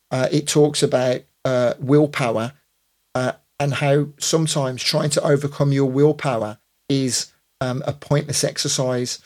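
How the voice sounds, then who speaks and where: A man in his fifties, a DJ hosting a casual live stream, rambling with lots of fillers and restarts. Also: medium pitch. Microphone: computer or phone mic on a live stream.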